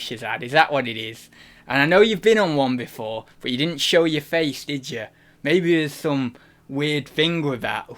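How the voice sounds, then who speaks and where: A man chatting loosely on a live stream, giggly and rambling, and full of restarts. His voice sits a little higher than most men's. The talk is unscripted and offhand. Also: a little slow, a bit bright. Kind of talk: casual live-stream chat.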